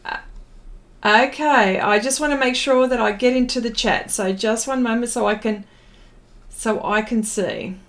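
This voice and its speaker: A woman's voice: a little high, unhurried. A middle-aged Australian woman hosting an art livestream, chatty and a bit flustered as she greets viewers by name. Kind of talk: casual live-stream chat.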